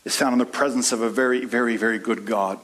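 A man preaching a sermon as pastor, rising into impassioned prayerful peaks and dropping to soft asides, calling the congregation honey and friends. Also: fairly even intonation, quick pace. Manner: impassioned preaching, swings from low and soft to high and loud.

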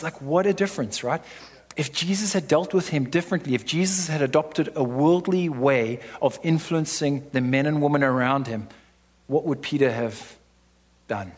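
A man's voice: medium pitch, husky. A man preaching a sermon to his church in a conversational way, often checking in with "right?".

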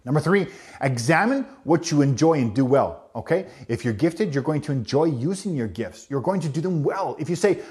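Man, high voice, pastor, sermon, lively asides to the congregation. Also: moderate pace. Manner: animated preaching with acted asides to the congregation.

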